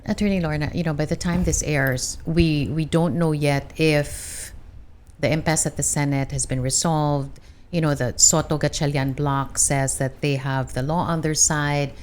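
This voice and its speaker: A woman from the Philippines hosting a talk show, asking measured questions of her guest. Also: low voice, fairly even intonation, a little mellow, a little hiss or hum. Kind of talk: interview questions.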